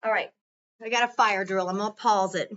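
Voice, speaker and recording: A woman gives a one-on-one phonics lesson in a school classroom, prompting patiently and drawing out her cues. Her mid-range voice is steady, fairly quick and a bit bright, captured in a distant, dull lo-fi recording.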